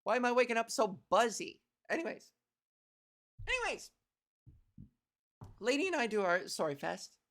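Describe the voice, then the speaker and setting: Her voice sits on the high side and sounds animated as this young woman from Canada, a podcast host, spins a funny story. It's a relaxed comedic monologue with a buzzy tone, full of self-mockery, frequent laughs and little acted-out exchanges.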